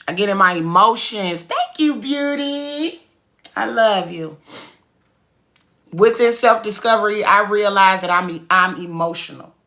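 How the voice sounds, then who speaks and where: Slow, bright-voiced woman preaching self-control. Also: mid-range voice. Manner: preachy, emphatic, repeats points for effect; casual slang-heavy delivery. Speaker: cookie business owner and speaker. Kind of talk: motivational talk.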